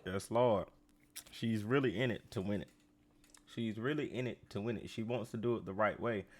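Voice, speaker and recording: A man hosting a podcast, riffing on a reality show in a casual, profane, animated way and talking straight to his listeners. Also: on the low side, moderate pace. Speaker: podcast host.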